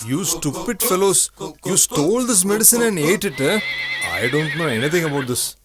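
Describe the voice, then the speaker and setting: A man voicing a gruff, high-pitched father. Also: lively intonation, normal speed, music in the background, close to an everyday voice. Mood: scolding. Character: middle-aged father, gruff and puzzled. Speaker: dubbing actor. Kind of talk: dubbed film dialogue.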